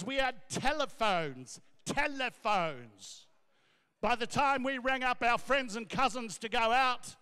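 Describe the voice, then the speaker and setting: A middle-aged man doing brash, loud stand-up as MC at a gala. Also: extremely high pitch, smooth. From Australia. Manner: brash, loud, rapid riffing. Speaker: comedian and MC. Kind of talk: stand-up comedy. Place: large gala ballroom. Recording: echoey ballroom, long reverb.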